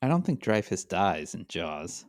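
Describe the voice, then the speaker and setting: A man's voice: sits low, sing-song, unhurried. A man co-hosting a podcast from a hotel room over a video call, talking in a dry, wry way with short reactions. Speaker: podcast co-host. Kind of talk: casual comedic chat. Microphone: handheld mic on a video call.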